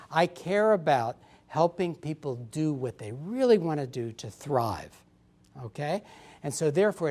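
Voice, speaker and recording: A man's voice: on the high side, a little mellow. A middle-aged man, a physician, giving a lecture full of stories and acting out the people he quotes. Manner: storytelling, acts out quoted patients and people. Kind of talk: conference lecture with anecdotes.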